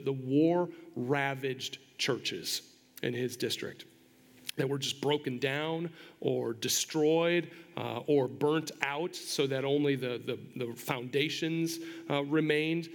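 A man preaching a sermon in an earnest, halting way, often repeating words as he goes. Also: on the high side, long reverb tail. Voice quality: bald. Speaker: pastor.

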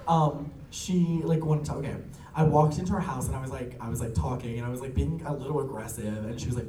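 Lively, laughing young man, talking off-mic in a roomy space. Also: medium pitch, recorded from a distance, a little hiss or hum. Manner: chatty, laughing, full of likes and quick quoted asides. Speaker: drag performer. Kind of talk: casual storytelling. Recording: roomy echo from off-mic, faint ambience.

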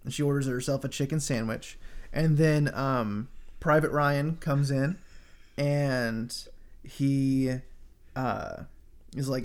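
A man's voice: mid-range voice, fairly even intonation, slow. A man in casual conversation recapping a film, rambling with frequent fillers and laughter. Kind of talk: casual chat reviewing a film.

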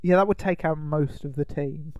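A man's voice: a little high, moderate pace, darkish tone, no room sound, muffled recording. A man co-hosting a podcast, recapping a film in casual, rambling chat. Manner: rambling, with many ums and uhs. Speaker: podcast co-host.

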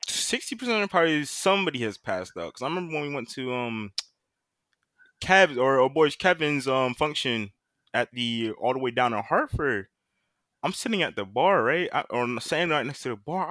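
A young man in casual podcast chat, telling animated, slang-filled stories about college parties. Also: mid-range voice, brisk, no room sound, clean studio sound. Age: young adult. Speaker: podcast co-host.

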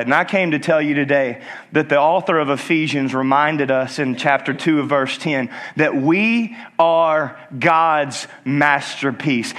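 A man preaching a sermon with call-and-response urging, swinging between emphatic and hushed delivery. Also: a little high, a little slow, hardly any pauses. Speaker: pastor.

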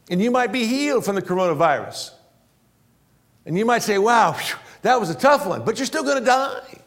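A male pastor delivers a sermon in a voice that sits somewhat high for a man. He repeats his key phrases for emphasis. He swings between loud, emphatic lines and low, slowed-down drops. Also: animated.

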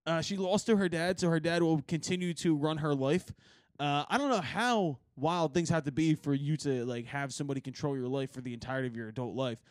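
A man with a high voice rambles through a story in slangy podcast chat, breaking into laughter often. The sound is close and dry, with no room around it. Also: brisk, dry recording. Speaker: podcast host. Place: podcast recording.

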